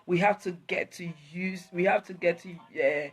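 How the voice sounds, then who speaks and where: This woman hosts an emotional live talk for her viewers, rambling and repeating herself while switching between English and Twi. Her voice sits on the low side with a breathy edge, and she speaks at a moderate pace.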